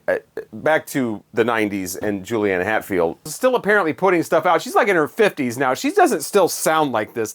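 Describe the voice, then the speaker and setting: Sarcastic man reviewing albums. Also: medium pitch. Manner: sarcastic, dismissive, digressive. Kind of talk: casual spoken review monologue.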